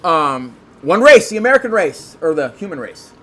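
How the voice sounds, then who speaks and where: Excitable man rambling through a story. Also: a little high, normal speed. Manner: excitable, rambling, many restarts. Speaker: podcast guest. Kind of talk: casual storytelling chat.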